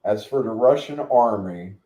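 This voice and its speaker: Casting note: middle-aged male host, slow unhurried blunt rant, dark mellow tone, echoey room. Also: on the low side, expressive. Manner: blunt, profane, rambling. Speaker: channel host. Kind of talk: casual rant.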